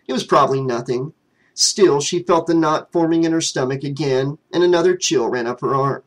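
A man with a fairly high voice reading a horror fan novel aloud as audiobook narration. He tells the story at a steady pace and keeps an even storytelling tone throughout. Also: brisk, rough recording.

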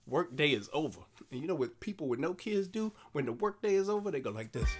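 A man in his forties, a comedian delivering an animated, repetitive monologue. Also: high voice, fast talker, soft background music. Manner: animated storytelling with repeated phrases.

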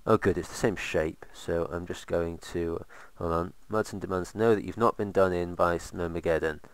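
A man's voice: sits low, fairly even intonation, moderate pace, clear, resonant tone, no echo. A man casually commentating while playing a game, rambling with sarcastic asides. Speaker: let's play host.

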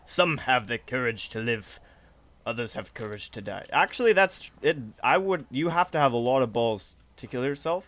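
A medium-pitched man provides let's play commentary on a horror game, jumpy and swearing heavily. He screams at the scares and deliberately talks loudly to keep himself calm.

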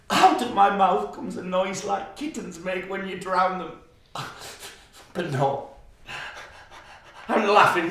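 A man's voice: sits high, vocal fry, heavily acted. An actor playing a violent, menacing father who recalls a brutal childhood, in a brooding stage monologue. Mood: manic, defiant. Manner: brooding and menacing, flaring into manic shouting. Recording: echoey hall, voice from far off.

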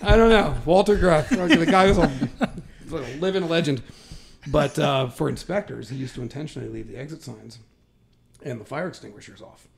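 Gravelly, high-voiced male podcast host. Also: fairly quick. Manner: animated, laughing storyteller. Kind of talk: casual storytelling chat.

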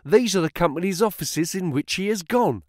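Male reader voicing an excitable young clerk, pitched up, eager exclaimer. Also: moderate pace, dry recording, studio quality. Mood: excited.

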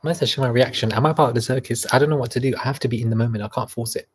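Husky young man chatting on a livestream. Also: medium pitch, rapid-fire. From Canada. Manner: chatty and mocking, reads comments aloud. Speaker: livestream host reading chat. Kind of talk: casual livestream chat.

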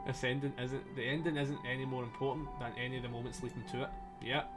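His mid-range voice stays level in tone and fairly quick as he casually narrates a story game on a live stream. Joking with chat, laughing frequently, and swearing freely, he sounds a bit strained over faint game music.

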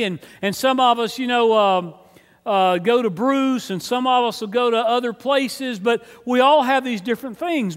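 A man's voice: very high voice, a bit bright. A man preaching a sermon as pastor, earnest and conversational, often repeating words as he starts a phrase. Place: church sanctuary. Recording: long hall reverb.

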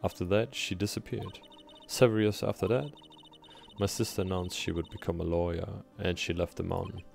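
Lonely young medium girl from a game, a guy just reading her lines, deep gravelly voice. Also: level tone, a little fast, darkish tone. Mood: somber. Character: young female spirit medium, lonely and earnest.

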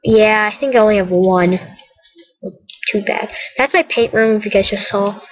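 A woman's voice: mid-range voice, moderate pace, rough recording. A young female vlogger giving casual, rambling commentary while showing her game, often correcting herself, and saying she is tired and cold. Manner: chatty, rambling, self-correcting, giggly. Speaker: gaming vlogger.

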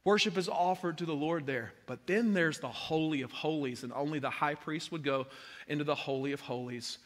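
A man preaching a sermon as a pastor, swinging from hushed tones to impassioned shouting. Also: fairly high pitch, a little fast. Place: large church hall. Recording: long hall reverb.

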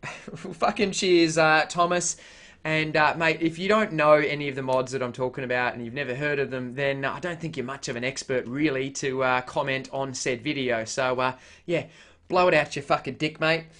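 A man's voice: mid-range voice, fairly even intonation, normal speed, fairly bright tone. An Australian man vlogging casually, blunt and heavily profane, with frequent filler sounds. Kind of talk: casual vlog chat.

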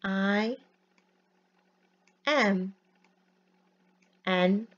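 A woman teacher giving a phonics lesson from home, spelling words out letter by letter in a slow, careful way. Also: medium pitch, lo-fi sound.

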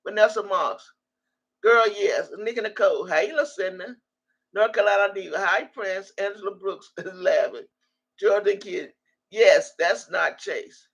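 Gravelly, husky older woman chatting loosely. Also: medium pitch, unhurried. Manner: loose and salty, laughs often, reads comments aloud. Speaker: livestream host reading viewer comments. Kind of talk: casual livestream chat.

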